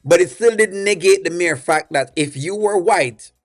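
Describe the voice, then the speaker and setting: Man, Jamaican accent, reaction host, rambling, opinionated, somewhat high voice. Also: normal speed, faint music behind. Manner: rambling, opinionated, many fillers. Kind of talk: casual commentary.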